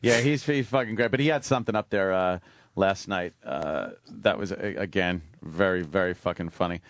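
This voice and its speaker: A man's voice: sits low, moderate pace, dry recording. A man hosting a radio show in casual chat, wry and profane, joking about himself. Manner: profane, wry, self-mocking.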